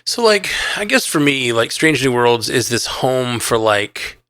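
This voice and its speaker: A man's voice: medium pitch, sing-song, unhurried, bright, forceful tone, smooth, no room sound, clean studio sound. A man co-hosting a podcast, chatting casually in a review and rambling with lots of "like" and restarts. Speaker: podcast co-host.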